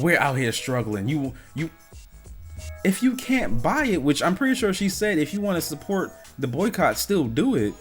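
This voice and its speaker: Man, reaction commentary, exasperated, incredulous, very animated pitch. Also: normal speed, breathy edge, faint music behind. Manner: exasperated, incredulous, rhetorical questions.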